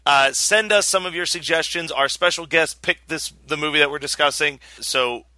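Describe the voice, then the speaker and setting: Bright-voiced chatty male podcast host. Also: a little high, normal speed, no echo. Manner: chatty, laughs often, swears casually. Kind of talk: casual chat.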